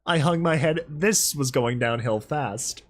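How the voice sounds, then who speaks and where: A young man reading a story aloud and breaking off for excitable, laughing commentary. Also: a little high, measured pace. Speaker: reader and commentator.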